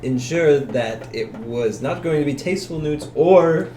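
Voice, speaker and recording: A man's voice: fairly high pitch, lively intonation, measured pace, warm tone, slight background noise. Joking man player, echoey room. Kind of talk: casual tabletop game play.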